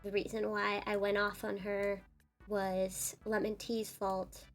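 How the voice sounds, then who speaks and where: A woman's voice: mid-range voice, flat delivery, slow pace, faint music behind. A woman streamer telling an upsetting personal story in a casual, earnest way. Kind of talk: casual storytelling while drawing.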